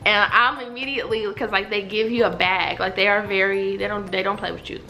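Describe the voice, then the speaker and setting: A woman, telling a story to her viewers at home in a lively, chatty way. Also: medium pitch, fairly quick. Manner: animated, chatty, talks straight to viewers. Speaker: vlogger. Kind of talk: casual storytelling to camera. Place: at home indoors.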